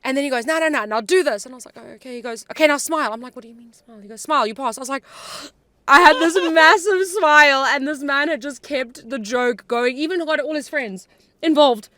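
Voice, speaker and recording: A young woman, telling stories in casual chat in a car, lively and quick to act out what others said. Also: high-pitched, no room sound. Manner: lively, acts out quotes with laughter. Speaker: podcast co-host.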